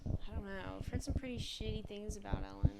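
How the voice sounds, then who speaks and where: A woman's voice: medium pitch, steady tone, brisk, gravelly, crowd noise, low-quality recording. A young woman in casual chat with friends, giggly and jokey, breaking into silly fake accents. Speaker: guest friend. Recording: podcast mic.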